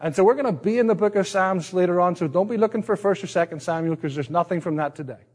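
High-pitched and darkish in tone, this pastor talks fast. He is middle-aged, hails from Northern Ireland and speaks with a partly Americanized accent, delivering a casual, self-deprecating sermon that keeps restarting.

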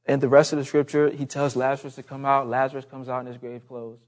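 A man's voice: mid-range voice, flat delivery, quick pace. A man preaching a sermon in an earnest, emphatic way, repeating his key phrases.

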